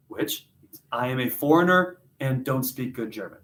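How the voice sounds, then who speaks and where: A man teaching a literature class, leading discussion and telling stories in a jokey, animated, self-deprecating way. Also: medium pitch, a little slow, roomy sound. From United States. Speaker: high school literature teacher.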